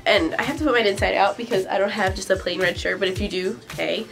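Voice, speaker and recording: A woman's voice: mid-range voice, fast, vocal fry, fairly bright tone, faint music behind. A young woman vlogger chatting casually, giggly and loose, full of "like" and "um". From United States. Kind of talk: casual vlog chat.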